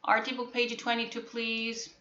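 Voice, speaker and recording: A woman with a Korean accent, a native Korean speaker, teaching an English phonics lesson to a class, repeating words slowly and checking that students understand. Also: on the high side, completely flat delivery, bright, forceful tone, slight background noise. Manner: repetitive, drills words and asks if students understand. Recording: echoey classroom, dull lo-fi sound.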